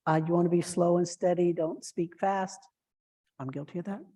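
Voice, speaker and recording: A woman's voice: on the low side, steady tone, normal speed, warm tone, breathy edge. A woman giving earnest training to shelter volunteers, with plenty of fillers and restarts. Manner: acts out example phrases in a lifted voice.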